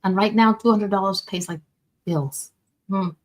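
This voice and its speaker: A woman's voice: medium pitch, measured pace. A woman from Quebec hosting a casual chat, chatty and joking, laughing often. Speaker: host.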